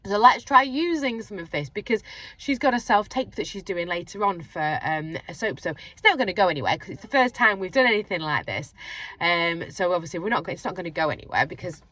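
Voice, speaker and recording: A middle-aged woman, a sleep coach and mum, chatting casually and tiredly to camera from her car, animated and quick to laugh. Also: lowish voice. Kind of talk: casual vlog chat. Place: parked car.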